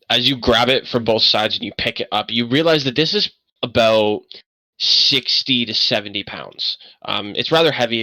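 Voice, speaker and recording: A man running a tabletop game as game master, in a lowish, bright, forward voice. He narrates in stops and starts, full of ums and uhs, close to the mic in a dry room. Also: vocal fry, dry recording, rough recording. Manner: many fillers, halting, stop-start narration.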